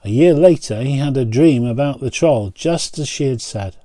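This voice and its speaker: A man, a pastor, reading a picture book aloud and pausing to point out the pictures. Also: mid-range voice, expressive, dark tone, no room sound.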